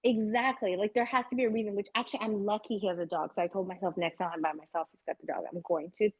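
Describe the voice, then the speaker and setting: A young woman chats fast and bluntly as a podcast co-host, swearing freely and laughing often. The recording is close and dry, with a somewhat dull, muffled sound. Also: mid-range voice, steady tone, husky, dry recording. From lives in Los Angeles. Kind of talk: casual chat.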